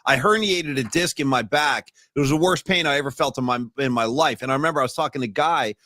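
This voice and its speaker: Bright-voiced animated male podcast host. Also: medium pitch, quick pace. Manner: animated, says "dude" and "bro" often. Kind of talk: casual chat. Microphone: studio mic, streamed video call.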